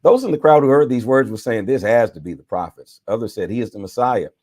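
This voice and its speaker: Reading scripture dramatically, a bishop speaks fast at a medium pitch, his intonation lively and his tone a little mellow. He occasionally stops to correct himself or slip in his own remarks. Studio-quality audio with no room sound.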